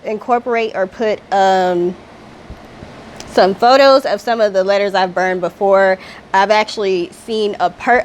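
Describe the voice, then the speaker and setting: A woman at a middle pitch walks viewers through a spiritual healing ritual in relaxed, everyday speech. Her tone stays gently instructive and unhurried. She reads her affirmations slowly and deliberately. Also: slight background noise. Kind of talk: guiding a ritual step by step.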